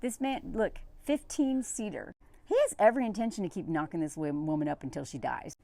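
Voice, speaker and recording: A woman's voice: deep voice, expressive, brisk, creaky, mellow, no room sound. A woman giving reaction commentary while reading an article aloud, with a sarcastic, exasperated, conversational manner.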